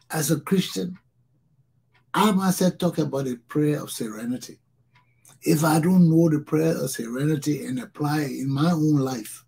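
A man's voice: on the high side, creaky, a little mellow, husky. A Liberian man hosting his own talk show, speaking in an impassioned solo monologue and repeating phrases for emphasis.

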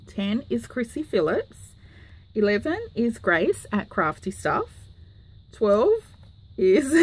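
Chatty Australian woman, higher voice. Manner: chatty, apologetic, lots of ums and self-corrections. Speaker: craft channel host. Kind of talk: casual chat to camera. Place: home craft room.

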